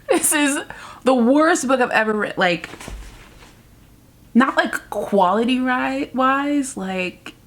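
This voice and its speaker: A woman's voice: mid-range voice, gravelly, fairly bright tone, husky. A woman book vlogger chatting casually about a book she just finished, emotional and rambling, often laughing in exasperation. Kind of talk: casual reading vlog chat.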